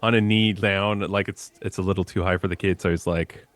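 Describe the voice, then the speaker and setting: A tabletop player with a lowish voice, narrating his character in an animated, chatty way. The sound is dry and close, with almost no room around it. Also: a little fast, no echo. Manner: animated, laughing, descriptive. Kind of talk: narrating actions in a tabletop game.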